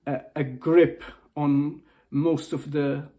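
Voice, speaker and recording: In an impassioned personal video message, a male motivational speaker sounds upset and on the verge of tears. He takes his time, his fairly high, warm voice holding a level tone while he pleads, repeats and restarts his phrases.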